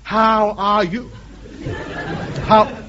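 A pompous, chatty amateur radio ham, with a high voice that leaps all over the place. He talks down to the people he calls in an exasperated way. The old recording is muffled, with steady hiss. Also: moderate pace, breathy edge, a faint crowd, full character voice. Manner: exasperated, over-explains loudly to foreigners. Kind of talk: 1950s radio comedy acting.

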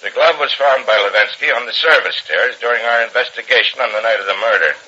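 An actor playing a blunt police lieutenant giving terse, matter-of-fact testimony in 1940s radio acting. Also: male voice, medium pitch, fast, sharp tone, slightly rough, dull audio.

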